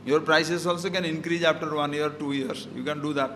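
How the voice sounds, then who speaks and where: A man's voice: fairly high pitch, steady tone, brisk, fairly bright tone, a little hiss or hum. A man giving a scripture talk, explaining Sanskrit verses with everyday examples and rhetorical questions. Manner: mixes Sanskrit verses into English. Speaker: spiritual teacher.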